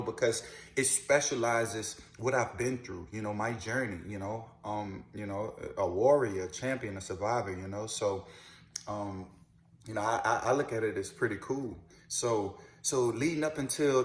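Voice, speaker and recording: A man in his thirties from New Orleans, telling his own story casually to camera, with lots of "you know" and "man" and repeated words. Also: medium pitch. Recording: roomy echo.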